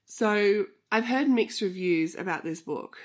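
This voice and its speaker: Hosting her book vlog, a thirtysomething woman chats casually in an unhurried, medium-pitched voice. She's nasal from the flu and a bit winded because she's pregnant, and she keeps wandering onto tangents.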